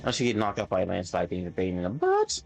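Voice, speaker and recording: A man's voice: low-pitched, wildly swooping pitch, quick pace, vocal fry, faint music behind. A man casually commenting with jokes while playing a video game. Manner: joking, offhand remarks. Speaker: gamer. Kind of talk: casual let's-play commentary.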